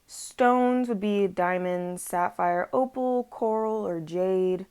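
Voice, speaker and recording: Woman doing a tarot reading at home, rambly and chatty, lots of ums, mid pitch. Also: slow, a little mellow, clean tone. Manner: chatty and rambling, with frequent fillers and self-corrections. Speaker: tarot reader. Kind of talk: casual chat. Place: at home with her dog on her lap.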